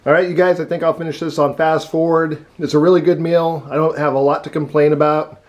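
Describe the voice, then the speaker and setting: A man's voice: on the high side, flat delivery, a little fast. A man giving a casual taste-test review, chewing and talking with his mouth full. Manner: chews and talks with mouth full. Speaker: food reviewer.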